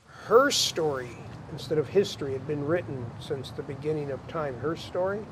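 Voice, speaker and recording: Over a music bed and a noisy background, a middle-aged man who is an author shares a reflective personal story with earnest feeling, tripping over repeated words when emotional. He speaks briskly in a voice on the high side.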